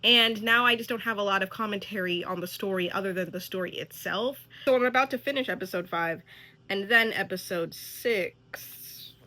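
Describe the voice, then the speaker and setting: A young woman vlogger casually reacting to a TV show, animated, exclaiming and laughing often. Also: medium pitch, moderate pace, poor audio.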